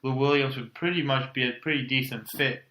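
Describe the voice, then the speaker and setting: Bright-voiced man on a roomy podcast. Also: medium pitch, steady tone, brisk, slight background noise. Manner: hesitant, weighs options aloud. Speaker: podcast co-host. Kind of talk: casual sports debate. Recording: roomy echo.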